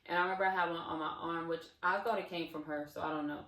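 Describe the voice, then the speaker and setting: A woman's voice: deep voice, steady tone, fast talker, a bit bright, reverberant, far from the mic. A woman vlogger telling a casual storytime, rambling with many fillers and restarts.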